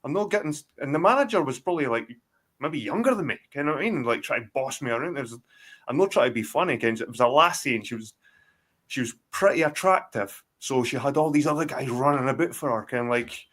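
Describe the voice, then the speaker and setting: A Scottish man in his forties talks in a middle-pitched voice, swearing freely as he winds through a long, loose story. He trips over himself and restarts often. He sounds like he is on a video call. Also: lively intonation, fast talker, fairly bright tone. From Scotland. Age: 40s. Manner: rambling, profane storytelling with many restarts. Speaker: guest. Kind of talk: casual chat.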